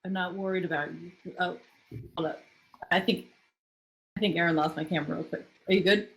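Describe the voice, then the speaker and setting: A player in a tabletop role-play, talking quickly and chattily and reacting with short interjections. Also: mid-range voice, steady tone, vocal fry, a bit bright, rough recording.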